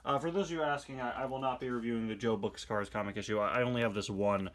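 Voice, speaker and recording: A man's voice: medium pitch, fast talker, fairly bright tone, a little hiss or hum. A man hosting a casual comic review, chatty, with playful asides and self-corrections.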